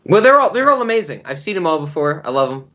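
A man's voice: on the high side, big pitch swings, fast talker, bright, forceful tone, dull audio. A man co-hosting a podcast, giving long-winded, rambling explanations in casual chat. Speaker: podcast co-host.

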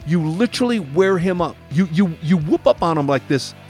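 A man giving an emphatic devotional teaching, acting out short voices in quick asides. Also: a little high, lively intonation, a little mellow, soft background music. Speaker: preacher.

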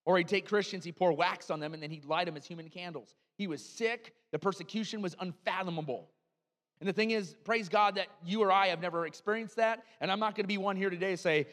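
A male pastor preaching a sermon in a church, animated and conversational, with frequent asides to the congregation. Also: sits high, quick pace, big-room sound.

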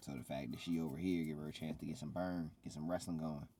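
A man co-hosting a casual podcast, recapping wrestling in a loose, animated way and acting out quotes. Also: a bass voice, fast talker, husky. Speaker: podcast co-host.

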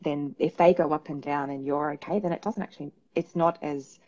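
A woman's voice: deep voice, steady tone, fairly quick, a little mellow, muffled recording. A woman, a psychologist guest, talking frankly and animatedly in a casual interview, often repeating words for emphasis.

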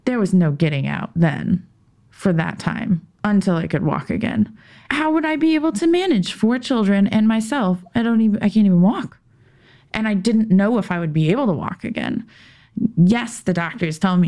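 Very animated, with a warm, medium-pitched voice, a woman guest on a podcast relates a personal story conversationally. She falters with restarts and pauses and shifts to a tense whisper whenever she gets heated.

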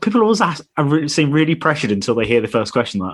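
Male podcast host, husky, animated, brisk with questions. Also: medium pitch. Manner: upbeat, brisk, runs the quick fire questions. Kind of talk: casual interview chat.

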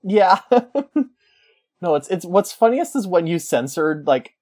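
A man co-hosting a casual comedy podcast, joking and laughing often, sometimes rattling off rapid patter. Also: high-pitched, lively intonation, a little mellow. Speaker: podcast co-host.

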